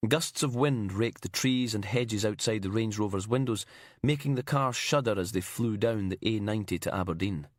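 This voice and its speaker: A man narrating a crime thriller audiobook in a measured, grim storytelling manner. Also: on the low side, no room sound, clean studio sound. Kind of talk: scripted narration.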